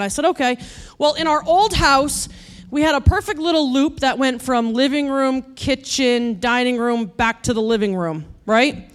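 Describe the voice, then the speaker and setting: A woman preaching with a funny personal story, animated and building to loud exasperated rants. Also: high-pitched, a little slow. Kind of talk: humorous sermon storytelling.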